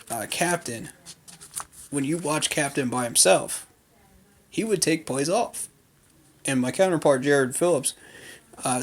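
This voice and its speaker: A man giving an unscripted recap of a training day, talking loosely with lots of fillers and firm opinions. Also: mid-range voice. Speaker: fan commentator. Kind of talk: casual recap vlog.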